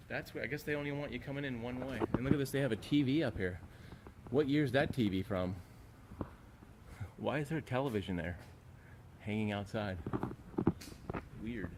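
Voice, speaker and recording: A man with an ordinary mid-range voice rambles wistfully, thinking aloud as he stands outside a shopping plaza. Traffic and passing vehicles are clearly heard around him, and the handheld camera mic picks up the open street. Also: mid-range voice, normal speed, pauses often. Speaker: vlogger. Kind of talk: casual walking vlog. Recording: outdoor street noise. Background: traffic and vehicle noise, a plane overhead.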